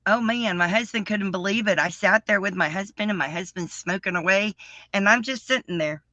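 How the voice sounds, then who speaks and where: A woman in her fifties hosting a casual live chat, talking excitedly and repeating herself. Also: medium pitch, brisk, no room sound. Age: 50s. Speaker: livestream host. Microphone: livestream setup.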